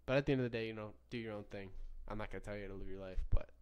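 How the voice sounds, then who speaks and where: Young male podcast host, lowish voice, casual and rambling, swears constantly, keeps restarting sentences. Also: steady tone, rapid-fire, darkish tone, clear, resonant tone. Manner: rambling, profane, frequent self-corrections. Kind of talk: casual solo podcast storytelling.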